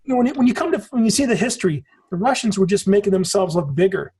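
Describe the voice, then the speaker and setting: A man's voice: high-pitched, expressive, fast talker, darkish tone, husky. A man in his forties, a podcast guest in casual conversation, telling rambling stories and swearing casually. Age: 40s.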